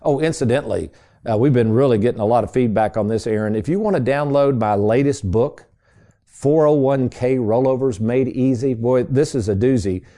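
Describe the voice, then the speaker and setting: Middle-aged guy hosting a money radio show, folksy and chatty, warm mellow tone. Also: medium pitch, normal speed. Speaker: financial radio show host. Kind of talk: casual storytelling on a radio show.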